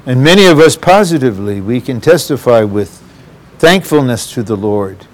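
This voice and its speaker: A man's voice: mid-range voice, expressive, normal speed. A man preaching a sermon, earnest and addressing the congregation directly.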